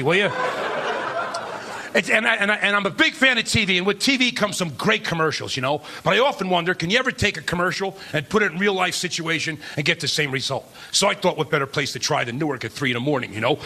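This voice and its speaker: A male stand-up comic with a fairly high voice works a club room, talking conversationally and checking in with the audience. He slips into put-on voices for the people in his stories. Laughter and crowd noise run loud under a live club recording. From Irish-American, New Jersey area. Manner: acts out relatives and strangers in put-on voices. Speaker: stand-up comedian. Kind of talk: stand-up comedy set. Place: comedy club stage.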